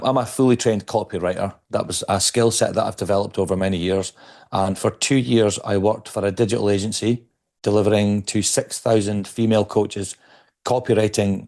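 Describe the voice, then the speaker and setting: A podcast guest speaks in a fairly low male voice, thoughtful and unhurried in conversation. He often repeats a word or two while he searches for his phrasing. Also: vocal fry, a little mellow. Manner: reflective, repeats words as he searches for them. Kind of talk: conversational interview.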